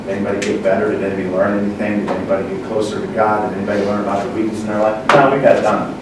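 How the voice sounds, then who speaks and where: A lower-voiced man talks loosely to a group and keeps asking the room questions. He is heard from a distance in a very echoey space, with clear background noise. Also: monotone, rapid-fire. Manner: repeats words, asks the audience questions. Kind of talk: informal teaching talk. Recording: roomy echo, far from mic, noisy.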